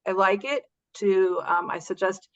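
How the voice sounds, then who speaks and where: A woman's voice: mid-range voice, measured pace, dull audio. A woman presenting on an online webinar, speaking hesitantly with many fillers and restarts over a video call. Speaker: guest presenter.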